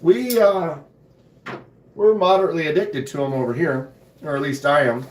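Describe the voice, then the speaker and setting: A man with a hoarse voice hosting a casual live stream from his home knife room, laid-back and chatty, often clearing his throat. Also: fairly high pitch, normal speed, darkish tone, echoey room. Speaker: knife channel host.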